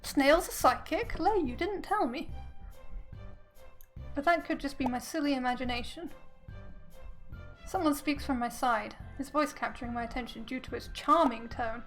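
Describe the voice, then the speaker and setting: A woman's voice: high voice, normal speed, pauses often, soft background music, rough recording. A woman streamer reading a visual novel aloud, with playful, giggly asides between the lines. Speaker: let's play streamer.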